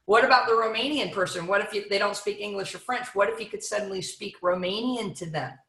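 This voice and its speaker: Bright-voiced woman in an echoey room. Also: mid-range voice, fairly quick, slight background noise. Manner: energetic, playful, rhetorical questions. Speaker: motivational speaker. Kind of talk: seminar talk to an audience.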